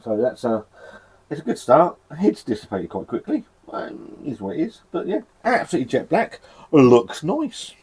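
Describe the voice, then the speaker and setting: A man's voice: medium pitch, huge pitch swings, normal speed, a little mellow, slightly rough. A man from England casually reviewing a beer in a cold shed, chatty and sweary, rambling with self-deprecating laughs. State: shivering from the cold.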